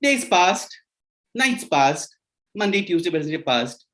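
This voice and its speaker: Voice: mid-range voice, sing-song, measured pace, a bit bright. Casting: storyteller on a video call, playful, lots of repetition, speaks to the audience.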